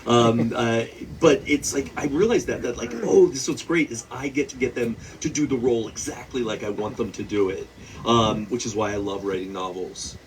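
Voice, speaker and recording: A man's voice: medium pitch, normal speed. Man, novelist guest, rambling casual talk, frequent laughs, distant mic, faint background noise. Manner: rambling, heavy use of "like", laughs often. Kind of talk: casual conversation at a book event. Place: bookstore event before an audience.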